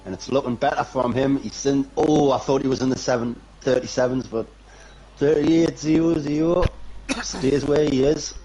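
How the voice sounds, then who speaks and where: A man's voice: medium pitch, steady tone, moderate pace, warm tone, poor audio. Man, co-commentator, casual, laughs a lot. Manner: laughs often, uses "aye" and "mate".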